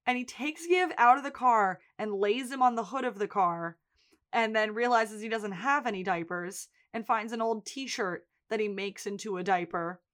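A woman's voice: mid-range voice, moderate pace. A woman co-hosting a podcast, recapping a TV episode in casual chat and acting out characters' lines. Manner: animated recapping, acting out quotes. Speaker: podcast co-host.

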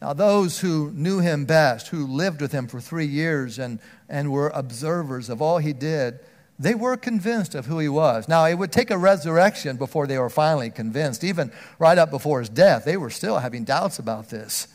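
A man preaching a sermon, earnest, often restarting words, swinging from loud emphatic stretches down to a near hush. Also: fairly high pitch, lively intonation, normal speed.

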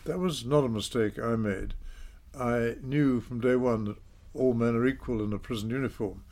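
An older man, telling his story in a measured, self-deprecating way in an interview. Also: mid-range voice, a little mellow. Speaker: interview guest, former politician. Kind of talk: reflective storytelling.

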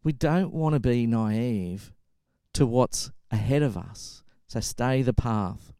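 A middle-aged man gives a sermon in an easy, conversational way. He tells stories and acts out the quotes. His voice is smooth and resonant, and the recording is dry and close. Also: mid-range voice, slow pace, no room sound. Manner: conversational, animated storytelling with acted-out quotes. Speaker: pastor.

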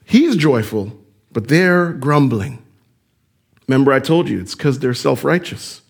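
A man preaching a sermon as pastor, animated and addressing the congregation with direct questions. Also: mid-range voice, a little slow, vocal fry, husky.

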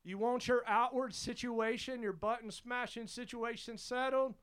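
A man's voice: very high voice, fairly even intonation, moderate pace, a bit bright, clean tone. A man preaching a sermon as pastor, fervent and emphatic, repeating his exhortations.

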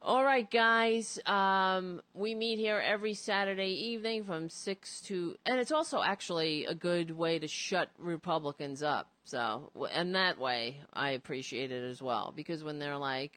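A woman hosting a casual political talk show, rambling, cursing and animated as she talks. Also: fairly low pitch, moderate pace, hardly any pauses, dry recording.

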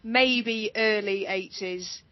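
A woman's voice: mid-range voice, takes it slowly, no echo. A woman co-hosting a casual movie chat, chatty and giggly, stumbling over foreign names. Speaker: podcast co-host. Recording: dull lo-fi, dry sound.

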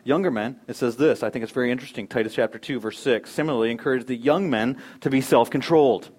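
A man's voice: medium pitch, quick pace, husky. Emphatic preaching pastor, man. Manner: emphatic, rising to loud exhortation. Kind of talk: sermon.

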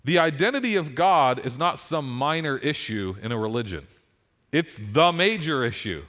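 A man's voice: on the high side, normal speed. A middle-aged man, a pastor, preaching a sermon and telling stories with rising emphasis. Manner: animated storytelling with rising emphasis.

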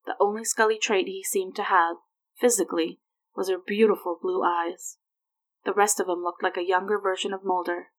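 A woman reads a romance story aloud, steady and plain, at an ordinary middle pitch. It sounds like a home reading of fan fiction. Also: moderate pace, poor audio. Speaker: reader.

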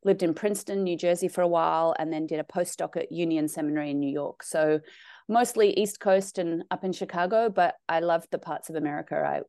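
Interviewgast, weiblich, australischer Akzent, sehr tiefe Stimme, trockene Aufnahme. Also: female voice, lowish voice, dark tone, no room sound. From South Africa. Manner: friendly and chatty, quick to laugh. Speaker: guest, New Testament professor. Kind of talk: casual interview conversation.

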